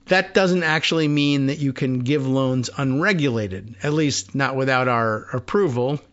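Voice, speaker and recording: A man's voice: medium pitch, a little slow, a bit bright, lo-fi sound. A man hosting a talk show, reading news items aloud and commenting on them in a wry, conversational way. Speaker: radio show host.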